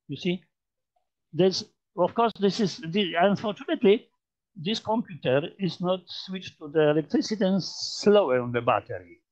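Demonstrating on a computer, a man with a fairly high voice and a Polish accent delivers a casual mathematics lecture. He speaks haltingly, restarting and repeating phrases amid many fillers, captured in dull lo-fi audio.

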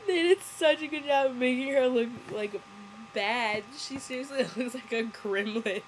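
A woman's voice: high-pitched, a little hiss or hum, low-quality recording. A young woman vlogger, sick, casually mocking a movie with sarcastic, giggly commentary.

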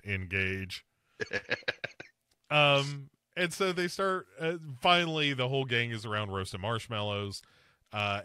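A man's voice: mid-range voice, pushed and bright, clear, resonant tone, dry recording, clean studio sound. A man hosting a podcast, recapping a film scene by scene in casual chat and slipping into mocking voices for the characters. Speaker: podcast host.

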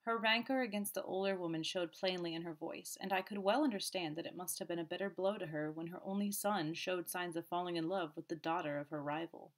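A woman narrating an audiobook in a steady, measured way. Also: fairly low pitch.

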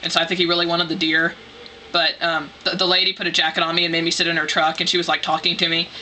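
Bright-voiced woman rambling excitedly. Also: on the low side, quick pace, a little hiss or hum. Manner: rambling, excitable, heavy use of "like". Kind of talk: casual personal anecdote.

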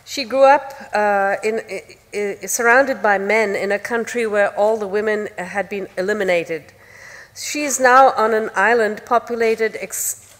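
A woman with an Indian English accent, an author giving a measured reading from her own novel. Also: mid-range voice. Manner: measured reading, with some stumbles in her introduction. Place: large concert hall. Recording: long reverb of a large hall.

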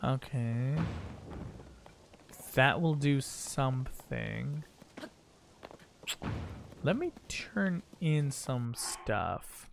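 A man's voice: medium pitch, animated, extremely slow, gravelly, long pauses, slight background noise. A man streaming a video game live, goofing around and talking to himself and his chat. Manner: goofy, talks to himself and chat. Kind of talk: live gameplay commentary.

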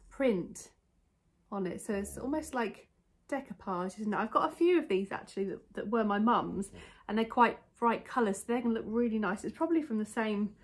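Chatty woman rambling through a haul. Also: mid-range voice. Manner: rambling, self-interrupting, talks to viewers. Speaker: vlogger showing a haul. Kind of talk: casual chatty haul vlog. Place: home, indoors. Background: faint dog snoring.

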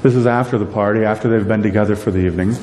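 A middle-aged pastor preaches with an animated, joking delivery and quizzes his listeners. His voice is mellow, not bright. It rings through a large church hall with a long reverb and a faint rumble underneath. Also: racing. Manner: animated, acts out characters in quotes; jokey, asks the congregation questions. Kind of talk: sermon. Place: church sanctuary.

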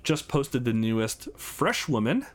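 A man's voice: medium pitch, very animated, measured pace. A man hosting a let's play, casual and rambling with fillers as he plays. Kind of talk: casual gameplay commentary.

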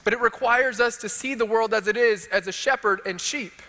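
Bright-voiced Texan pastor preaching in a reverberant hall. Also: male voice, very high voice, moderate pace. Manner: impassioned, building rhetorical questions. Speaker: teaching pastor. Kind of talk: sermon. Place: church sanctuary.

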